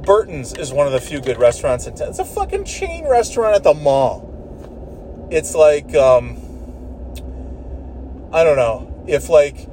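Man, casual vlog rant from a car, mellow dark voice, lots of swearing and false starts. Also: on the high side, big pitch swings, unhurried, long pauses, slight background noise. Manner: profane, rambling, exasperated, with frequent restarts.

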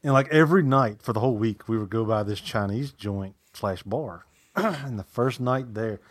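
A man with a Southern American accent, a podcast co-host telling profane stories in casual chat, jumping into loud quoted voices. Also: mid-range voice, moderate pace, dry recording. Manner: profane, animated storytelling with loud acted quotes.

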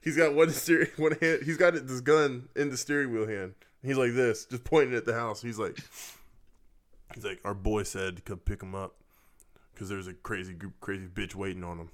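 A man's voice: on the low side, steady tone, moderate pace. A young man co-hosting a casual podcast, cracking crude jokes and laughing as he tells a story. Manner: laughs while telling stories, crude joking. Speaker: podcast co-host.

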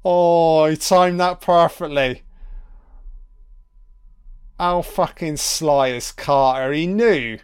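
A man's voice: fairly high pitch, takes it slowly, long pauses, clear, resonant tone. A man giving a casual, sweary and wry commentary over a film.

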